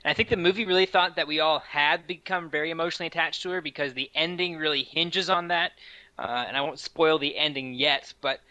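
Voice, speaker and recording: A man's voice: a little high, fairly quick, pushed and bright, dry recording, highs cut off. A man co-hosting a casual film review podcast, earnest and opinionated as he talks. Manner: earnest, opinionated, fluent with light fillers. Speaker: podcast co-host.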